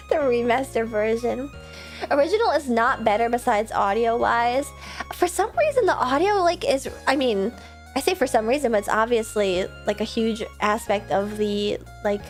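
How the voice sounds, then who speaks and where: High-voiced, sleepy, slightly hoarse woman streamer. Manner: chatty, rambling, self-deprecating. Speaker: video game streamer. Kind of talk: casual gaming stream chat. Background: faint background music.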